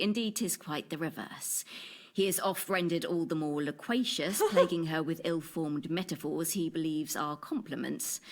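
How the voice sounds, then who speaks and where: A woman playing a dry-witted Elizabethan lady, low-voiced. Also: natural voice. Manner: archaic formal speech, dry and cutting. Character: witty, guarded Elizabethan woman patient. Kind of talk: video game voice acting.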